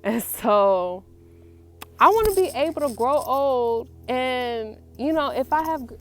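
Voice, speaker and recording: A woman in her twenties chatting casually to camera as a vlogger, animated and playful, turning aside now and then to talk to her young son. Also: high voice, takes it slowly. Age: 20s. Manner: animated, talks to her child while filming; playful, acts out grandkids and her mother.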